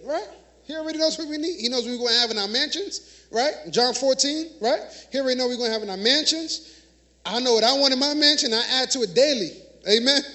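A minister with a very high, pushed, bright voice preaches conversationally in a church sanctuary, laughing often. He leads call-and-response, asking the congregation to repeat words and peppering his sermon with "y'all" and "right?"

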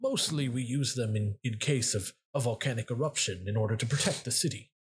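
A man voicing an excitable, nervous male half-orc architect in a tabletop game. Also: medium pitch, brisk, close to an everyday voice. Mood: giddy.

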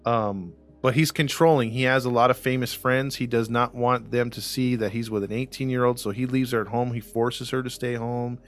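A man's voice: mid-range voice, fairly even intonation, moderate pace, hardly any pauses. A man hosting a podcast, telling a true-crime story casually with many fillers and acted-out quotes. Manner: rambling, lots of fillers, acts out quotes. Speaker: podcast host.

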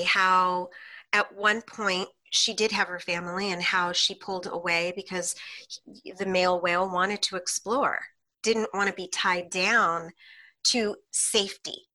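A woman guest, a hypnotherapist, telling client stories in an animated way on a podcast and laughing often between lines. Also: mid-range voice. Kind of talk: podcast interview storytelling.

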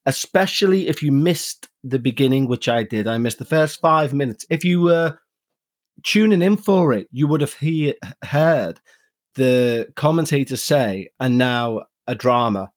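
A man's voice: a little high, lively intonation, a little slow. British man in his forties, chatting as a guest. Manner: conversational, explains at length with restarts. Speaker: podcast guest. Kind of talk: casual chat.

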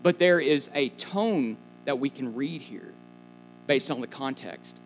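A man's voice: mid-range voice, animated, a little slow, soft background music, rough recording. A man preaching a sermon in a conversational way, asking questions of the listeners and making casual asides. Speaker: pastor.

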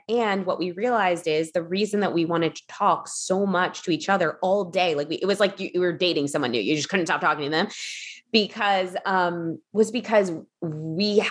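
A woman telling a story as a podcast guest, chatty, with lots of fillers, acting out quotes in a higher voice. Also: normal speed. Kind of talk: casual storytelling in an interview.

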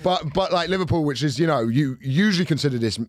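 A young man, a podcast co-host, talking in an animated, sweary way in casual chat. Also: fairly high pitch, quick pace, no room sound, clean studio sound.

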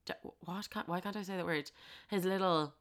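A woman's voice: fairly low pitch, normal speed. A young woman, hosting and telling a frank, sweary, comic story about her own love life. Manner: sweary, animated, laughs at herself.

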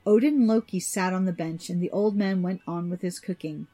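A woman narrating an old myth in an even, measured storybook reading. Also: fairly low pitch, soft background music.

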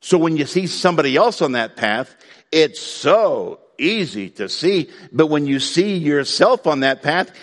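A man preaching a sermon to his congregation in a conversational way, breaking now and then into loud outbursts. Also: on the high side, expressive, normal speed, long reverb tail. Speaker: pastor.

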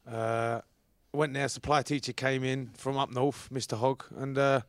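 A man's voice: mid-range voice, flat delivery, unhurried, gravelly, dry recording. A man from East London with a Cockney accent, a guest trading cheeky, joking banter in a casual podcast chat. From East London, England. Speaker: podcast guest, rugby league player.

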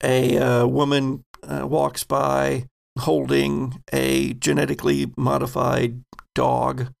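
A man narrating a tabletop game as game master, unhurried and halting with many fillers. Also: mid-range voice, monotone, gravelly.

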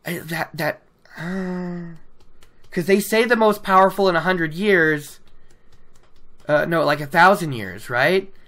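A woman's voice: fairly low pitch, slow pace, pauses often, fairly bright tone. A woman casually recapping a book chapter, chatty and laughing, acting out characters' lines as she goes. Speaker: book discussion podcaster.

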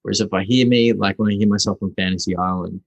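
A young Australian man, a guest actor, chatting casually in an interview, halting and restarting often. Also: lowish voice, steady tone, gravelly, no echo, low-quality recording. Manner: halting, full of restarts and fillers.

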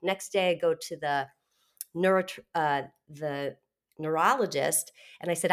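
A middle-aged woman with a deep voice, appearing as an interview guest, tells her story candidly and animatedly. She laughs often and restarts quickly.

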